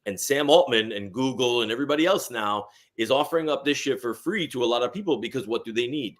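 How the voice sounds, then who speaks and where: A man's voice: mid-range voice, quick pace. A man guest in a casual chat over a meal, talking emphatically with swearing and rhetorical asides.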